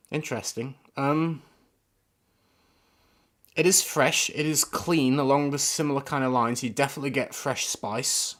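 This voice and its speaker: A man's voice: mid-range voice, steady tone, takes it slowly, long pauses, fairly bright tone. A man giving casual, rambling first impressions of fragrances on a live stream, often searching for words. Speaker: fragrance reviewer.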